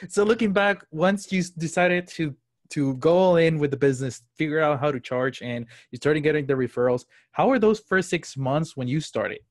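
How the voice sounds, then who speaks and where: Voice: mid-range voice, normal speed, no echo, studio quality. A podcast host interviewing a guest, encouraging and often repeating words and saying you know.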